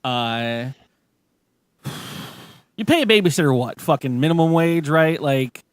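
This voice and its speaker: A man with a fairly high voice hosts a casual talk show, telling a long story in a loose, rambling way. He swears freely and restarts his sentences. The sound is close and dry. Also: lively intonation, measured pace, clean tone, dry recording. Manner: profane, rambling, lots of restarts. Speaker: podcast host. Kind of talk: casual chat, retelling a story.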